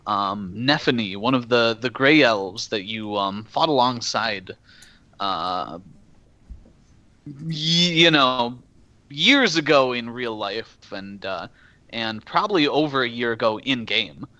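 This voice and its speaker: A man with a bright, forceful voice runs a tabletop game as game master. He narrates the scene in a loose, halting way, with plenty of ums and restarts. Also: mid-range voice, lively intonation, dry recording, lo-fi sound. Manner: hesitant, many fillers.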